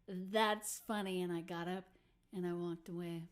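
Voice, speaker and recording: A woman's voice: medium pitch, monotone, a little slow. A woman musician hosting a casual livestream, chatting with viewers in a self-deprecating way and laughing often. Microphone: computer or phone mic on a livestream.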